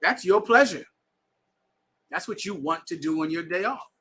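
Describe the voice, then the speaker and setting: High-pitched forceful preaching man. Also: lively intonation, normal speed, breathy edge. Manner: preachy, addresses the audience with repeated "right?". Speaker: teacher. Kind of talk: scripture class lecture.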